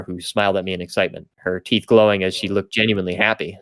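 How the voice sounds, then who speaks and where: A man's voice: deep voice, fairly even intonation, quick pace, a bit bright, dry recording, clean studio sound. A young man hosting a podcast, reading fanfiction aloud for comedy, stumbling and correcting himself with laughing asides. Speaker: podcast host and reader.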